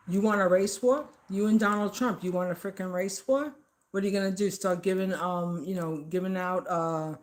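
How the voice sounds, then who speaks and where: A woman's voice: on the low side, darkish tone. A woman at home, giving a casual political rant to the camera. She scolds her targets emphatically and says the same phrases over and over.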